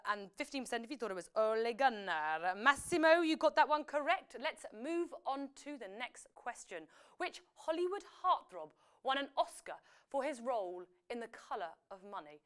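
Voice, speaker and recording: A woman hosting a live quiz, chatty and lively, often correcting herself as she goes. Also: a little high, clear, resonant tone. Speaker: quiz host.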